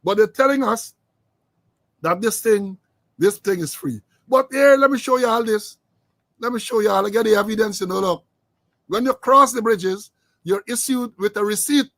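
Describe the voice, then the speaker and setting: A man's voice: high voice, moderate pace, a bit bright, dry recording. A middle-aged Guyanese man hosting a political commentary show, talking with sarcasm and mockery. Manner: sarcastic, mocking. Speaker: host.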